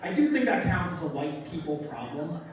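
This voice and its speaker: A man's voice: on the high side, very animated, fairly quick. A man doing a stand-up comedy set in a club, with a brash, profane, mock-outraged delivery. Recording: roomy live club sound, mic heard from a distance, crowd. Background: audience laughter.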